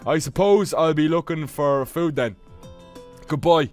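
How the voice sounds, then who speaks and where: A man's voice: fairly high pitch, a little slow, darkish tone, faint music behind, close to an everyday voice. A man voicing a hungry, wandering male migrant in a loose put-on Dublin-style accent while reading a game aloud. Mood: cheery. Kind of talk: let's play reading a dating game.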